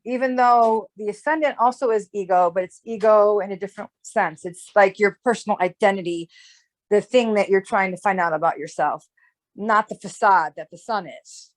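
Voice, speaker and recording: A woman's voice: medium pitch, normal speed. A woman in a casual conversation, explaining ideas at length in a rambling way, often checking in with "right?". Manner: rambling, with restarts and "right?" tags. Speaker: astrologer guest.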